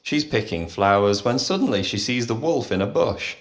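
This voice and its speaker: Male narrator, low and animated, reading funny short stories. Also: moderate pace. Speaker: storyteller. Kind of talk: scripted story narration for English learners.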